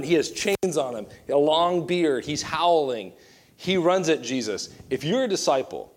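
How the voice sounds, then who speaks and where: A man in his thirties, a youth pastor, preaching a sermon with animated, joking asides. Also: mid-range voice, a little hiss or hum.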